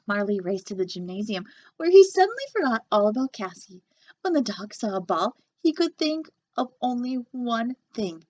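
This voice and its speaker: A woman, a children's librarian, reading a picture book aloud with animated, expressive storytelling. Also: medium pitch, normal speed, dry recording. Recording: dull lo-fi sound.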